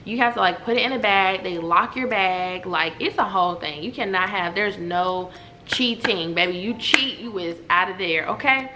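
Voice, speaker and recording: A woman, telling a story to her viewers at home in a lively, chatty way. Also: medium pitch, normal speed, noisy background. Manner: animated, chatty, talks straight to viewers. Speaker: vlogger. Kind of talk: casual storytelling to camera. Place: at home indoors.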